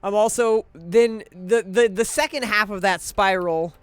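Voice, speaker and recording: A man's voice: high voice, a little slow, smooth, dry recording, soft background music. A man streaming a video game, chatting casually to his viewers in a rambling, profane way, often cutting himself off and chuckling.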